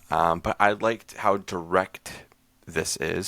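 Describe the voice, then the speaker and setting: Gravelly low-voiced man recapping casually. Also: fairly even intonation, very slow, sharp tone, no room sound. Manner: rambling, loose, with many fillers and restarts. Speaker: podcast host reviewing horror short films. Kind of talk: casual chat, recapping a short film.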